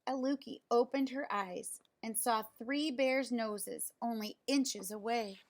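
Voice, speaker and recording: A woman reading a picture book aloud, gently, pausing to wonder what comes next. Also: a little high. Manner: gentle, slow, pausing to ask questions. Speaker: storyteller.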